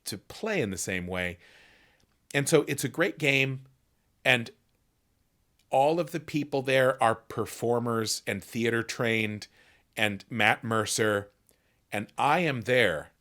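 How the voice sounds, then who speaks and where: A man hosting a casual livestream, telling a rambling, halting, self-deprecating story full of restarts. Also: fairly low pitch, a bit bright. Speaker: host.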